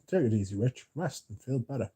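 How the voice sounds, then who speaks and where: A man's voice: mid-range voice, animated, brisk, dark tone, slightly rough. A young British man hosting a casual livestream, chatting loosely and reading out viewer comments, drowsy, with lots of filler words. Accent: British English. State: drowsy, yawning. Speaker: livestream host reading chat.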